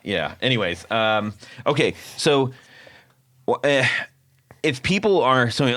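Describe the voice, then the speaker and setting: A man hosting a podcast, telling a story in a casual, animated way and laughing often. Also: medium pitch, takes it slowly, dry recording, studio quality. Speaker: podcast host.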